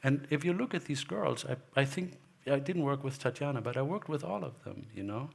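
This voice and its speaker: This photographer, a guest on stage before a gallery audience, has a mid-range voice with vocal fry and a slight roughness. Expressive and fairly quick, he wanders from anecdote to anecdote, performing remembered dialogue.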